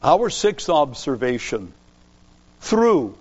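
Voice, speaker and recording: Male preacher, slow measured delivery, slightly high voice, muffled lo-fi sound. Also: expressive. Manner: slow, deliberate preaching with stressed pauses. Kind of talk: sermon.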